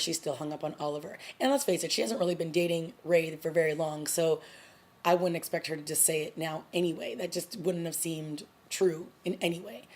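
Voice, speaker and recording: A woman with a fairly low-pitched voice talks through a TV episode in a loose, chatty vlog recap. She is a young adult who retells the plot casually, leaning on "like" and "you know" as she goes. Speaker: TV review vlogger.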